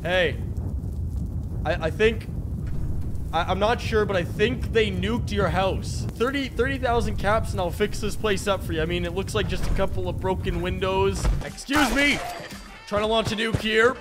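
Young male gaming host, high voice, dry sarcastic play-by-play, game music underneath. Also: normal speed. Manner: sarcastic, mocking, sudden excited outbursts. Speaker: gaming YouTuber. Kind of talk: sarcastic gameplay commentary. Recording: music playing behind voice.

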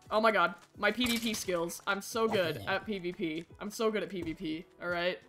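A woman streaming a survival game live, chatting with viewers and yelling at the game, swinging from low mumbles to shrieks. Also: moderate pace, hardly any pauses, music in the background.

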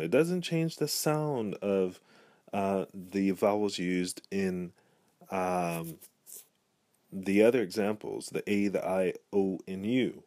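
A man teaching a pronunciation lesson, saying each letter and word slowly and repeating it twice. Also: lowish voice, mellow, no room sound. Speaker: language teacher.

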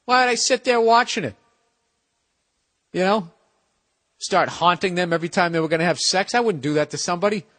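Hosting his podcast, a middle-aged man goes on a comedic, foul-mouthed rant that lurches from loud outbursts to quiet muttering. His pace is a little fast, broken up by frequent pauses.

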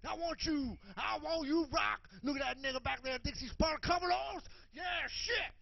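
A man voicing a brash, menacing male boxer who shouts swaggering trash talk. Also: extremely high pitch, lively intonation, normal speed, vocal fry, no room sound, dull audio, exaggerated voice. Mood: taunting.

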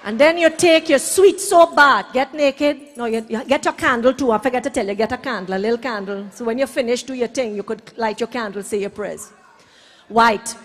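A Trinidadian woman doing bawdy live stand-up comedy, brash storytelling with shouted punchlines on a hall stage. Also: on the high side, moderate pace.

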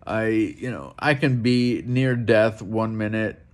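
A man's voice: fairly low pitch, takes it slowly. Blunt, profane ranting man. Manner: blunt, profane, repeats himself. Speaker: vlogger. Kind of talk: ranting monologue to camera. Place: room alone at home.

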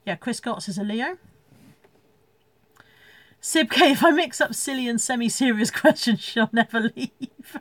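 A woman's voice: fairly high pitch, unhurried, pauses often, a bit bright, no echo. A woman chatting casually from home on a live stream, rambling, laughing often and reading out viewer comments. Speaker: reseller hosting a live stream.

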